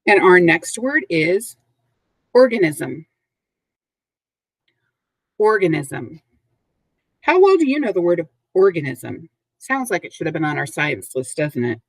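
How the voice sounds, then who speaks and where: A woman teaching a recorded vocabulary lesson to third graders, speaking slowly and clearly, with call-and-response prompts. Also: lowish voice, very animated, dry recording, rough recording.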